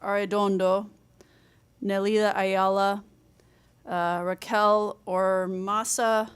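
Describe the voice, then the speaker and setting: A woman chairing a city hearing, calling out speakers' names in a measured way and stumbling over a few of them. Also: mid-range voice, level tone, clear, resonant tone. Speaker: meeting chair.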